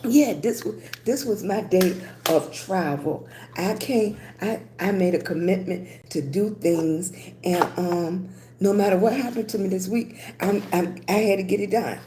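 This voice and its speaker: A woman's voice: medium pitch, unhurried, background noise. An older woman from Virginia hosting a casual livestream, greeting viewers by name and giving motivational talk. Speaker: livestream host.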